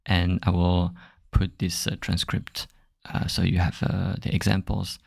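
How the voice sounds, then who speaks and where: A French-accented man teaching a podcast lesson, slow and unhurried, hunting for his words between fillers. His voice sits very low with a gravelly, fry-heavy edge. The sound is dry and close, with no room around it. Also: no room sound. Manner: relaxed, searching for words, many fillers.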